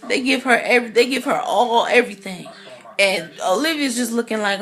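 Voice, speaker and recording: A woman giving a casual, excitable recap of a TV episode, chatty and full of "you know" fillers. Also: fairly high pitch, a little fast. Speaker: TV recap vlogger.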